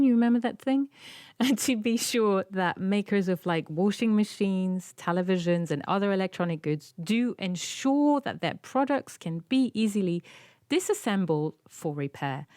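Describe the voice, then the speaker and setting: A woman's voice: on the low side, a little mellow, no echo, studio quality. A woman with a French accent co-hosting a podcast, chatting casually and upbeat about news stories. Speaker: podcast co-host.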